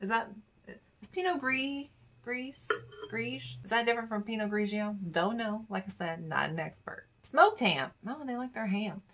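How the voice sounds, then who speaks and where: Chatty woman vlogger with a bright clear voice, playful little asides. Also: fairly high pitch, moderate pace. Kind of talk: casual chat reading infographics aloud.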